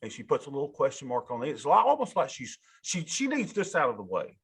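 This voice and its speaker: A man lecturing a college class, animated and folksy, talking straight to his students in a classroom. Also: mid-range voice, fast talker, breathy edge. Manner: animated, talks to students directly, folksy asides. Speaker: college instructor.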